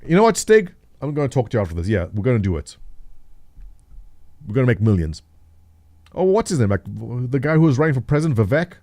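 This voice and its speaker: A man's voice: mid-range voice, very animated, fast, pauses often, mellow, dry recording. A man in his thirties, host of a livestream, chatting casually and jokingly, answering viewers by name. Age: 30s. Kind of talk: casual chat with live chat readers.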